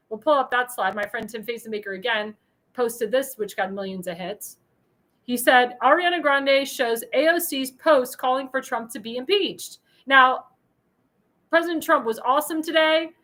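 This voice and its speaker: Ranting high-voiced woman talk host. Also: rough recording. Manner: heated, ranting, insulting; shouts in bursts of anger. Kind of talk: political talk show monologue.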